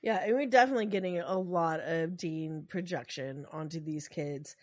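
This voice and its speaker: A woman's voice: low-pitched, normal speed, no echo, studio quality. A woman co-hosting a podcast, chatting enthusiastically about a TV show with playful asides. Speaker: podcast co-host. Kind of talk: casual fan commentary.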